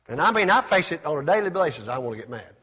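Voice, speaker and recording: Fast and husky, with a fairly high pitch and big pitch swings, a man delivers a call-and-response sermon. He asks the congregation to repeat him, moving between loud exclamations and soft asides.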